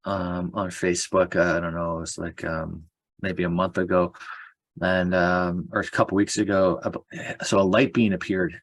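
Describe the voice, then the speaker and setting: A man's voice: deep voice, flat delivery, moderate pace, no room sound. A man who is a guest on a spiritual talk. He tells a rambling, casual story full of fillers and restarts.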